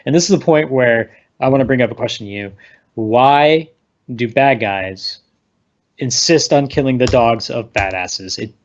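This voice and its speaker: A man hosting a casual movie discussion, retelling scenes in an animated way with lots of "like". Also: medium pitch, normal speed, dull audio. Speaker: podcast host.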